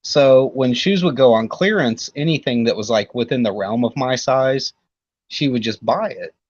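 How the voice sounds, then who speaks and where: A man's voice: mid-range voice, normal speed, no echo. Laid-back joking man on a dull mic. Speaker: podcast guest. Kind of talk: casual podcast chat.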